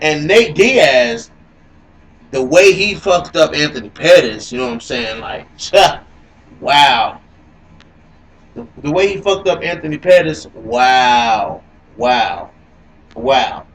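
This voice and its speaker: A man hosting a casual mixed martial arts talk show. He rambles, curses and repeats himself as he gets excited. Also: mid-range voice. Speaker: host of MMA talk show. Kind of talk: casual live-stream commentary. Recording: echoey live-stream audio.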